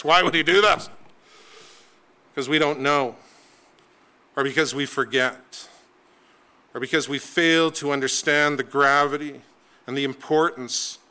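A man's voice: on the high side, pushed and bright, clean tone. A man preaching a sermon, telling the story with emphatic, dramatic delivery and sweeping shifts in pace.

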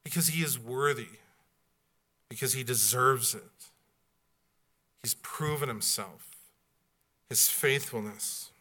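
Bright-voiced preacher, blunt and folksy. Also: male voice, mid-range voice, slow, pauses often. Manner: dramatic swings from loud exclamations to hushed asides. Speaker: pastor. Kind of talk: sermon.

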